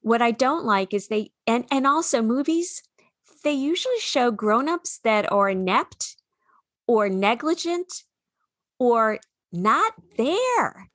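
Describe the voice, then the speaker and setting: A woman's voice: on the high side, big pitch swings, slow pace, fairly bright tone, no room sound, clean studio sound. A woman with a New England accent, a children's author speaking earnestly and reflectively in an interview. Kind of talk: interview conversation.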